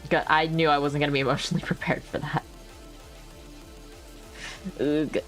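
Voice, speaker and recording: A woman streams in casual chat on a new microphone, her voice sitting a little low. She rambles from thought to thought, laughs often and swears casually, with faint music underneath. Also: steady tone, normal speed. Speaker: livestreamer. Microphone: new desk microphone.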